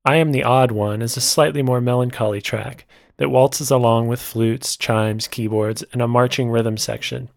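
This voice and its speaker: Man, music reviewer, scripted narration, measured delivery, mid-pitched, dry recording. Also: steady tone, vocal fry, no echo.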